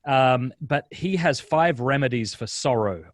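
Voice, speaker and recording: A man, a guest speaker on a video-call webinar, telling stories in a lively, casual way with quick restarts. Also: mid-range voice, no room sound, clean studio sound. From Australia. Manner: lively storyteller, frequent restarts. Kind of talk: casual interview chat.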